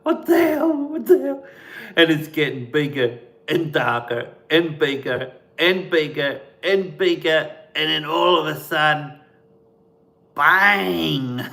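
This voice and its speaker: A man chats on a live stream in a relaxed, unhurried way. His voice is bright, and it leaps up and down as he acts out sounds. The room is echoey. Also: fairly high pitch, vocal fry. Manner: animated, mimics bird calls and sounds. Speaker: host of a camping channel, live stream. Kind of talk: casual storytelling on a live stream.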